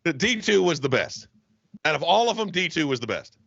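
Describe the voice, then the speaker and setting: Lively bright-voiced man joking around. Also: a little high, a little fast, gravelly, dry recording, lo-fi sound. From Southern US. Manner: joking, profane, laughs often. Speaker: podcast co-host. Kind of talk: casual comedic chat.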